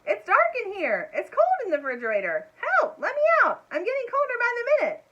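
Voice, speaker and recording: A woman voicing a tiny, polite mouse boy who talks in excited, earnest bursts, reading a storybook aloud. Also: a little high, brisk, lo-fi sound, pitched above the performer's own voice. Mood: panicked.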